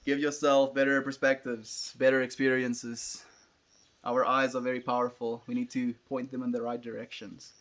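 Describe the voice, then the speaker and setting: A man's voice: medium pitch, flat delivery, normal speed, a bit bright. A young South African man, an Afrikaans speaker, chatting casually on a livestream and musing as he answers viewers.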